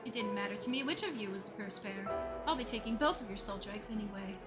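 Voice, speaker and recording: A woman's voice: mid-range voice, fast talker, over loud music, lightly acted. A woman voicing a male villain who casts curses, reading game dialogue aloud with a gloating tone. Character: man, a vengeful cursing villain.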